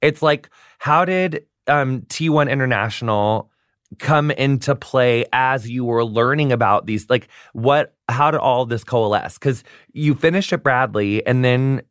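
A man's voice: medium pitch, unhurried, fairly bright tone, clean tone, dry recording, studio quality. A man hosting an interview podcast, gushing and playful, chatting casually with lots of fillers and likes. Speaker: podcast host. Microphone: studio microphone.

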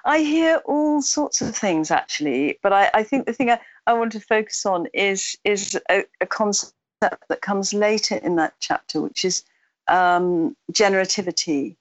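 A woman's voice: mid-range voice, normal speed, no echo, muffled recording. A woman author answering interview questions in a reflective way, often restarting her sentences. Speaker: author guest.

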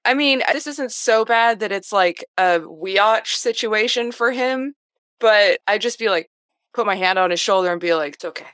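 A woman co-hosting a casual podcast, playful and quick with quips. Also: mid-range voice, a bit bright, dry recording. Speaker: podcast co-host. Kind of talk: casual chat.

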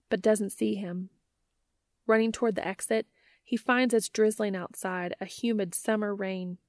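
A woman narrating a story aloud in a measured, gentle manner. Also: medium pitch, no echo, studio quality. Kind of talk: reading fan fiction aloud.

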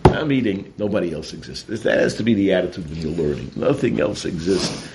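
A man's voice: low-pitched, expressive, fairly quick, creaky, noisy background. A man giving a Torah talk full of stories, mixing in Yiddish and Hebrew terms. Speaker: Torah teacher.

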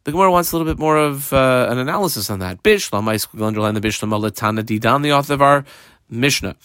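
A man's voice: mid-range voice, lively intonation, fast talker, fairly bright tone, smooth, no room sound, clean studio sound. A man teaching a Talmud page step by step. He reads terms aloud, translates them, and calls out punctuation marks. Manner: explains step by step, mixes in Hebrew and Aramaic terms. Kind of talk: daily page Talmud lesson.

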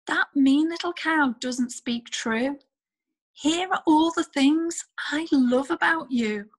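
A woman's voice: high-pitched, slow, voice pushed up. A woman voicing a kind, encouraging female inner voice in a storybook, speaking in reassuring praise.

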